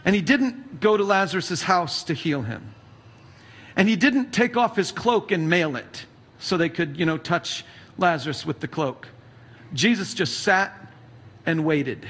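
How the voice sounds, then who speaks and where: A man's voice: sits high, expressive, unhurried, a bit bright, husky. A male pastor preaching a sermon, retelling stories casually and animatedly. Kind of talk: sermon storytelling.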